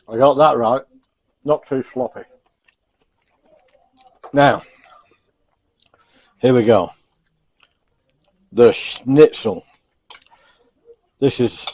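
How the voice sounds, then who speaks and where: A man's voice: medium pitch, a little mellow, no room sound. A man chatting casually in a home cooking vlog, self-mocking and chuckling as he tries his food. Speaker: cooking vlogger.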